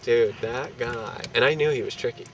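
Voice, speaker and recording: Profane, animated man telling a street story. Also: medium pitch, normal speed. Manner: profane, animated, laughing between lines. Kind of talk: casual anecdote telling. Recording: distant mic with street and traffic noise.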